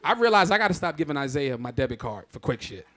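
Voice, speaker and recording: Male stand-up comic on a theatre stage, high and very animated, loud and salty delivery. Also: quick pace. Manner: loud, exclamatory, profane storytelling. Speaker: stand-up comedian. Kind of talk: live stand-up set.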